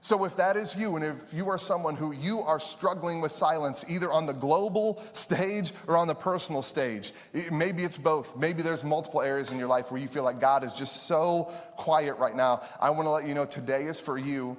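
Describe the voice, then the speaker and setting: A man preaches to his congregation, his voice sitting a little high as he talks in a loose, lively way and laughs between lines. His words ring out with a long reverb from the church hall. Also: normal speed. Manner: conversational, animated, laughs often. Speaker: pastor. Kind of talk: sermon.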